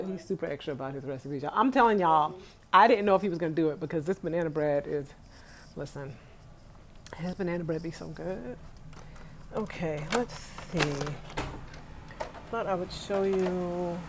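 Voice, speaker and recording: A woman's voice: lowish voice, slight background noise. A young adult woman from Brooklyn, chatting casually and animatedly with her live-stream viewers from her bed at home. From Brooklyn, New York, USA. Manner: chatty and animated, talks straight to viewers with Southern "y'all". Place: at home, indoors, on her bed on a rainy day.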